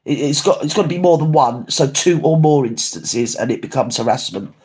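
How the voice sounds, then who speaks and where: A man's voice: lively intonation, fairly quick, a little mellow. A man chatting casually on a livestream, rambling and swearing as he reads out viewer comments. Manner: rambling, swears, swings pitch up and down often. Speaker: livestream host.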